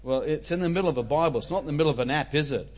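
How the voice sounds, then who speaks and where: A man's voice: fairly high pitch, quick pace. A man preaching a sermon as pastor, conversational and emphatic.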